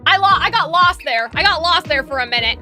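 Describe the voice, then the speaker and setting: A woman's voice: very high-pitched, expressive, brisk, sharp tone, soft background music. A woman co-hosting a casual livestream review, rambling and filling her talk with "like" and "you know". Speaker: co-host of a show review livestream.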